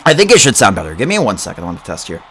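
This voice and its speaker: A young man hosting a casual livestream into a boom-arm mic. He giggles often, rambles, repeats words and mocks himself. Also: wildly swooping pitch, very fast, a bit bright, a little hiss or hum. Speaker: livestream host.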